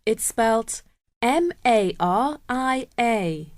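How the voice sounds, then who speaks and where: A woman voicing a young student in a scripted exam recording, introducing herself in a fairly high voice. She spells her name out at a very slow, careful pace. The sound is dry and close. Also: expressive, no room sound. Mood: friendly. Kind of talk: scripted listening-exam dialogue.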